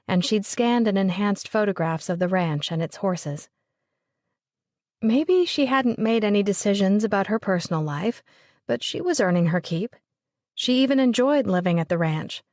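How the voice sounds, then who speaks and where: A woman's voice: medium pitch, animated, moderate pace, darkish tone, dry recording. Woman narrating a romance audiobook, dry. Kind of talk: scripted narration.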